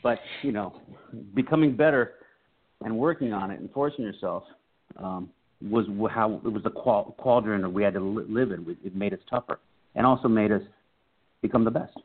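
Speaking at a moderate pace in a low, husky voice, an American comedian and writer guests on a relaxed interview. He's a lively storyteller who acts out the quotes in character voices. It sounds like he's coming through a phone line.

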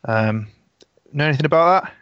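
A man's voice: on the high side, expressive, brisk, fairly bright tone, smooth, no room sound. Male tabletop player, casual and foul-mouthed, dull lo-fi recording, dry sound. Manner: casual, swears freely. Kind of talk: tabletop role-play in and out of character.

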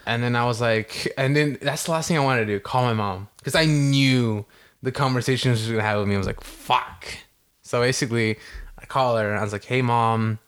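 A man's voice: mid-range voice, fast talker, clear, resonant tone. Young man telling a rowdy story. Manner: animated, heavy swearing, acts out quotes. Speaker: podcast co-host. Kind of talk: casual storytelling.

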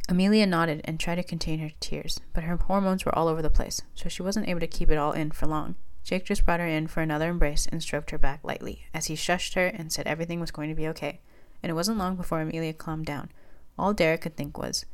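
Woman narrator, low register, steady plain storybook reading. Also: quick pace, few pauses. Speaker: fanfiction reader.

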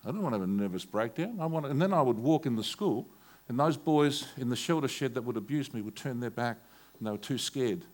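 A man's voice: mid-range voice, lively intonation, fairly quick. An older man with an Australian accent, a pastor preaching a sermon and telling stories from his own life. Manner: storytelling, rising to forceful preaching.

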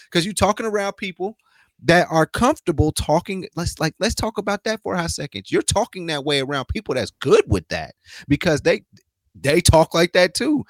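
A man's voice: high-pitched, no room sound, studio quality. A man co-hosting a sports podcast, talking loosely and joking, laughing often. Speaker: podcast co-host. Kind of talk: casual sports chat.

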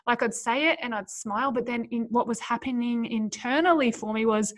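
Woman, podcast host, slightly high voice, earnest and encouraging, speaks right to the listener. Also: a little fast, few pauses. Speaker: podcast host and business coach for mothers. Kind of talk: solo podcast talk.

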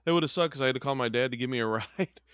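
A man's voice: mid-range voice, quick pace, fairly bright tone, smooth, no room sound, studio quality. A man co-hosting a casual chat, goofy and joking, laughing often. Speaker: podcast co-host.

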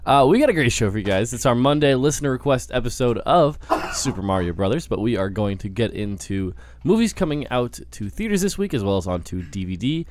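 A man's voice: mid-range voice, expressive, fairly quick, hardly any pauses, background noise. A man hosting a casual movie podcast, rambling and breaking off mid-sentence as he laughs with friends. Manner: rambling, self-interrupting, laughing. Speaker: podcast host.

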